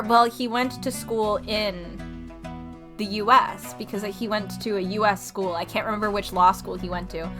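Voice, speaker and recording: A woman's voice: mid-range voice, fairly bright tone. A woman streamer casually commenting on a story game, chatting to her viewers and laughing often.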